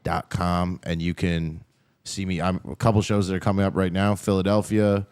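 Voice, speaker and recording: A man's voice: sits low, flat delivery, normal speed, a little mellow, clear, resonant tone, dry recording. A man from Canada, a comedian guest, talking in a loose, rambling way with many fillers. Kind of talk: casual chat.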